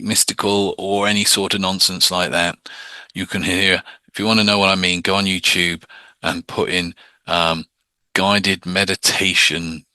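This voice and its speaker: A man's voice: low voice, bright, forceful tone, no room sound. A man teaching hypnosis in a casual, plain-spoken lecture, often slipping into mock voices to show a point.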